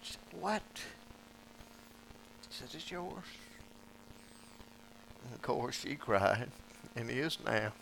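Folksy preacher, bright voice. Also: male voice, medium pitch, slow pace, creaky, long pauses, slight background noise, poor audio. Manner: folksy, animated, acts out dialogue in the story. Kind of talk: storytelling sermon.

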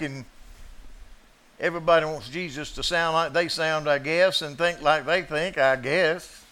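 A man preaching a sermon in a dramatic way, moving from hushed asides to loud declarations. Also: a little high, moderate pace.

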